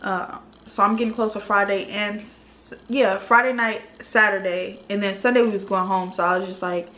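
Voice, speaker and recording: A young woman vlogger telling a storytime in an animated, exasperated way, full of casual slang. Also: medium pitch, normal speed. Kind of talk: storytime vlog. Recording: roomy echo.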